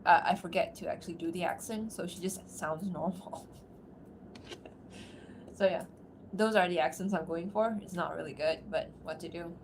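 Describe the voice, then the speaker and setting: A woman streamer from outside America chatting casually on a livestream, talking in quick asides and laughing often. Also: fairly low pitch, noisy background. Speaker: streamer and voice actor.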